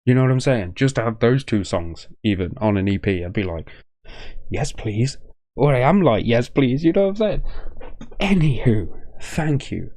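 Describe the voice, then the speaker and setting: A man's voice: medium pitch, very animated, normal speed, darkish tone. Tired, rambling man. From Leicester, English Midlands. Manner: rambling, effusive, full of thank-yous and restarts. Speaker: music reaction channel host. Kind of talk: casual reaction-video chat.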